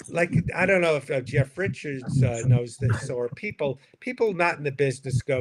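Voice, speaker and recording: An older male comedian co-hosting a stream tells a rambling, self-deprecating story over a livestream video call mic, restarting often. His voice is fairly high and moves at a moderate pace with few pauses, and the stream audio is noisy.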